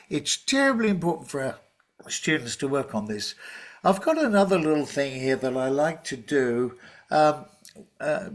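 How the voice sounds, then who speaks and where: A man presenting a teaching workshop over a video call, talking in a relaxed, chatty way with many fillers and restarts. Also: medium pitch. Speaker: teacher trainer presenting a webinar.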